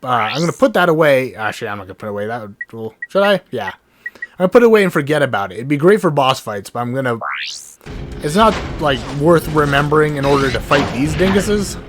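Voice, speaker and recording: Hosting a let's play, a man gives fast, rambling, excitable commentary on the game, often breaking off mid-thought and swearing casually. His pitch is medium, with game music and sound effects behind him.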